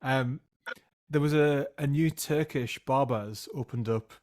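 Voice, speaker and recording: A man's voice: medium pitch, measured pace, darkish tone. Self-mocking man telling stories. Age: 30s. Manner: self-mocking anecdotes, laughs often. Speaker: podcast host and music teacher. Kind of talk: casual chat.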